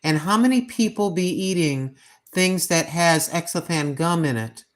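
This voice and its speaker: A woman's voice: on the low side, lively intonation. Folksy chatty woman in her sixties. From United States. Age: 60s. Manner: folksy and chatty, drawn-out emphatic repeats. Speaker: cooking livestream host. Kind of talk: casual livestream chat.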